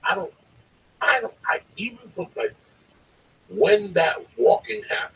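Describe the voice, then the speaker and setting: A man's voice: high voice, unhurried, slightly rough. A middle-aged man with a New York accent, a stand-up comedian telling blunt, profane stories in casual chat. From New York City. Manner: blunt, profane, excitable storytelling. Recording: distant mic, faint background noise.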